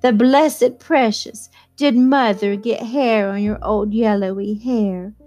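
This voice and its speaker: A woman reading aloud and voicing a doting young society wife in a crooning, drawn-out way. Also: medium pitch, fairly even intonation, dark tone, soft background music, natural voice. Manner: crooning, breathy-sweet, drawn-out.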